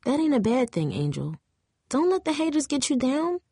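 A woman's voice: high-pitched, very animated, moderate pace, mellow, no echo, studio quality, pitched above the performer's own voice. Woman voicing a loyal teenage girl. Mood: earnest. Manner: earnest, casual slang. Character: loyal, plain-spoken teenage girl cheerleader. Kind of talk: audiobook character voice.

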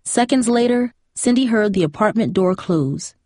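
This scripted audiobook narration features a woman reading a novel at normal speed in a mid-range voice. Her storytelling is steady and even, and the dry recording has clean studio sound.

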